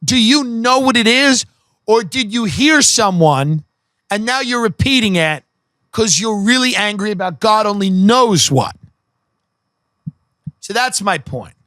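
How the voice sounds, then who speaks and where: Profane ranting man, bright and dry. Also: high voice, expressive, a little slow, pauses often, dry recording. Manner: profane, sarcastic, mocking. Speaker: podcast host. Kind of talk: comedic rant.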